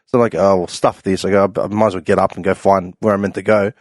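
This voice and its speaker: A young Australian man telling a casual story on a podcast, laughing often and loudly acting out the voices of people he quotes. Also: low voice, level tone, fast, no room sound, clean studio sound. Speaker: podcast panelist.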